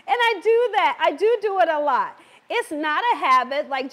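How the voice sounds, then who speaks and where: A woman hosts a live cooking stream in a high-pitched, expressive, fairly bright voice at a moderate pace. She's wearing a mic and sounds a little worn, chatting with viewers, laughing often, and reading their comments aloud.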